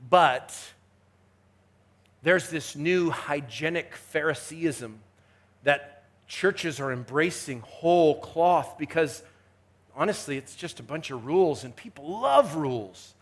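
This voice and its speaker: A man preaching a chapel sermon with emphatic delivery, swinging from hushed asides to rising exhortation. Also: fairly high pitch, lively intonation, slow pace. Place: university chapel.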